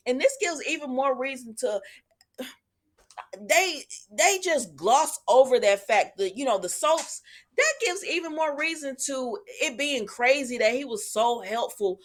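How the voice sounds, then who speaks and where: A woman's voice: high voice, lively intonation, a little slow. A woman chatting casually to her viewers as she recaps a soap episode, retelling scenes and calling them y'all. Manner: retells scenes, quoting characters. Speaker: soap opera reviewer.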